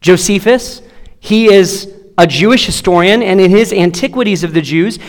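Male pastor, 30s, strained voice, fervent preaching, high-pitched, long reverb of a large sanctuary. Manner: impassioned preaching with repeated rhetorical questions. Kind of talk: sermon.

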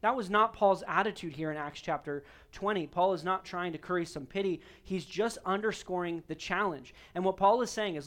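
A man's voice: high-pitched, fairly quick, hardly any pauses, fairly bright tone. A male pastor preaching a sermon in an earnest, emphatic way, repeating key phrases for weight.

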